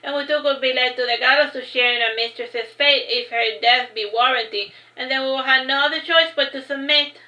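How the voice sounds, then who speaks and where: A woman voicing a calculating, loyal female servant in a reading of her fantasy novel, measured and deliberate. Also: sits high, sharp tone, low-quality recording. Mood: deliberating.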